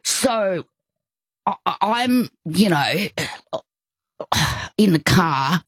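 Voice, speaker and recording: Slow, husky older woman. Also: on the low side, expressive, no echo. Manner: warm, rambling, with many restarts and asides. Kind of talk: casual storytelling in conversation.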